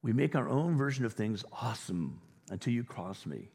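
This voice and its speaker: A man's voice: fairly low pitch, big pitch swings, normal speed, gravelly, darkish tone, slightly rough, big-room sound. A man preaching a sermon as pastor, talking to his congregation in a conversational way and acting out the voices of imagined people.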